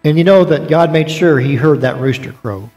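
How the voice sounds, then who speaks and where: This man's somewhat high, slightly mellow voice moves at a moderate pace as he leads a Bible class. He reads scripture aloud, talks conversationally and adds jokes, and the church auditorium gives a long reverb.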